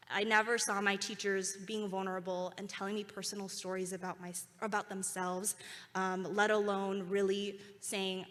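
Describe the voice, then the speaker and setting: A woman's voice: medium pitch, a bit bright. A young woman giving a heartfelt ceremony speech in a school auditorium. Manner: earnest and heartfelt, leads a call-and-response. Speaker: alumni keynote speaker. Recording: reverberant hall.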